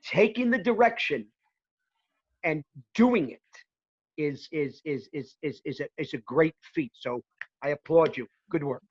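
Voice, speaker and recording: A man praising acting students over a video call, halting with many repeated words. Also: a little high, breathy edge, lo-fi sound. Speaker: guest comedian and actor. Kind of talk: acting feedback.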